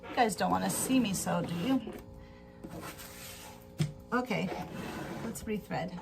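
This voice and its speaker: A woman's voice: medium pitch, measured pace, gravelly, music in the background. A woman hosting a sewing livestream. She chats casually and rambles, uses lots of fillers, and laughs often. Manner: rambling storyteller with filler words. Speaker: livestream host. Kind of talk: casual chat while sewing.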